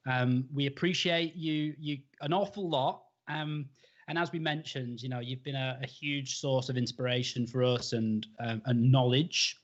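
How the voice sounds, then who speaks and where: A man's voice: medium pitch, steady tone, moderate pace. Upbeat male host, muffled audio. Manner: upbeat, casual, many um fillers. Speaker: show host. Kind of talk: live-stream interview hosting. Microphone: video call. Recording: slightly dull live-stream audio.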